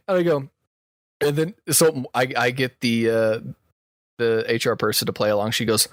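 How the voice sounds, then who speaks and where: A man's voice: mid-range voice, a little fast, no echo, clean studio sound. A man co-hosting a podcast, telling a work story in casual chat and laughing often as he goes. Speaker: podcast co-host.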